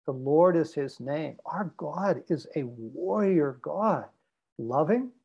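A man's voice: fairly high pitch, lively intonation, slow pace, creaky, a little mellow, breathy edge, highs cut off. Guest speaker, male, preacher-like cadence, hammers points through repetition. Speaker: guest speaker on men's development. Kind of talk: podcast conversation.

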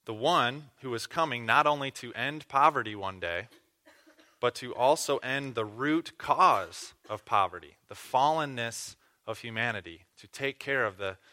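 Bright-voiced man preaching a sermon. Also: mid-range voice. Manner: earnest teaching with questions and restarts. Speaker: pastor.

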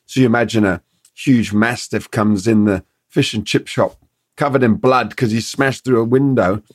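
Animated middle-aged man telling dog stories. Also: medium pitch, normal speed, no room sound, clean studio sound. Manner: animated storyteller, acts out dog and owner quotes. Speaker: dog trainer guest. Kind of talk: podcast conversation.

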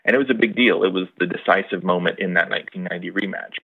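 Deep, gravelly male journalist. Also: rapid-fire. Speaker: journalist and author. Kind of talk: interview commentary. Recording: dull lo-fi recording.

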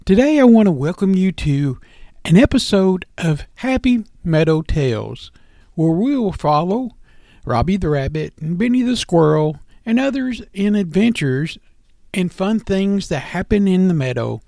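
Man, children's storyteller, gentle and expressive; high voice, dry close sound. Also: unhurried, creaky, no echo.

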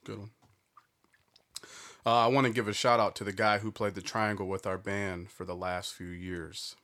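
Man, podcast co-host, low pitch, casual joke-telling, laughs easily. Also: little pitch movement, normal speed, fairly bright tone. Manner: loose, laughing, swears casually.

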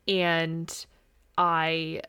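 Woman, 30s, podcast host, candid and open, lowish voice, dry close sound. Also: completely flat delivery, drawn-out words, bright, forceful tone, smooth, no room sound. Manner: candid, open, casually swears. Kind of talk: solo personal podcast talk.

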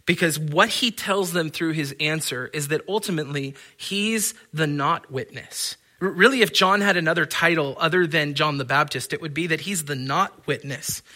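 A man's voice: a little high, pushed and bright. A man preaching a sermon in an earnest, emphatic way, often stammering and restarting his phrases. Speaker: pastor.

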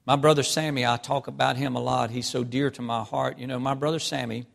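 Male preacher, gravelly voice, emotional sermon delivery, swings quiet to loud, heard in a big reverberant church hall. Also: medium pitch, fairly even intonation, fairly quick. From North Carolina. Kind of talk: sermon with personal stories.

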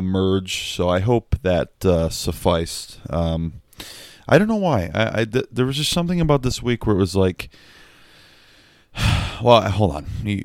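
A young man casually telling a story at home with a quiet voice, laughing at himself and dropping apologetic asides. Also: low voice, clean tone, no room sound, clean studio sound. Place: home at night, kept quiet.

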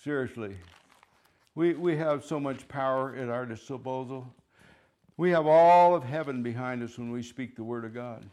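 A man preaching a sermon, fervent and emphatic, repeating phrases and swinging between loud declarations and quiet asides. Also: mid-range voice, moderate pace, smooth. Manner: fervent, rising and falling in loudness, chuckles between points.

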